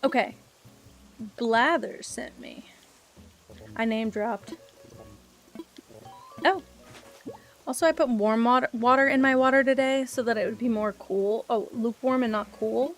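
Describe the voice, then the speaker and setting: At a measured pace with frequent pauses, a woman with a slightly high voice chats and rambles to her viewers while streaming a game. Faint music plays behind this casual live-stream talk.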